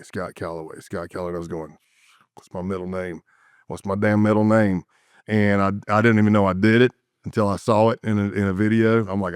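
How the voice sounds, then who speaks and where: A man with a lowish, smooth, resonant voice recounts his undercover days as a podcast guest. He builds his story vividly, acting out sounds and repeating himself. The sound is close and dry, with no room in it. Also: no room sound. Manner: vivid, animated storytelling with sound effects and repetitions. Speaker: interview guest, former undercover agent.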